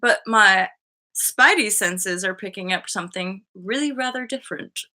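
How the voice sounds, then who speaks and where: A woman's voice: mid-range voice, moderate pace, bright, forceful tone. A woman in her thirties hosting a casual live-stream chat, bubbly and laughing often, swearing freely and acting out voices as she tells stories. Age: 30s. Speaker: host.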